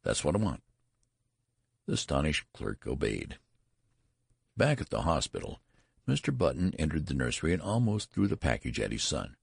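A man narrating a story aloud in a lively storytelling delivery. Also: a bass voice, moderate pace, gravelly, breathy edge, no room sound, clean studio sound. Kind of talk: audiobook reading.

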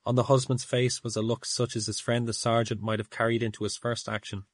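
A man narrating a classic story in a measured, steady audiobook reading. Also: mid-range voice, no room sound.

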